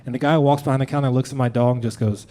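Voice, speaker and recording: A man doing a stand-up set in a club, animated storytelling with quick put-on voices. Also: mid-range voice, very noisy. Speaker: stand-up comedian. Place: comedy club stage with audience. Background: audience laughter.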